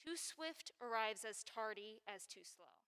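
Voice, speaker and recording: A girl playing a slow solemn priest. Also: on the high side, lively intonation, pushed and bright, smooth, heavily acted. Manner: measured, advising. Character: solemn wise priest, man. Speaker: high school stage actor. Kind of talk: school stage play.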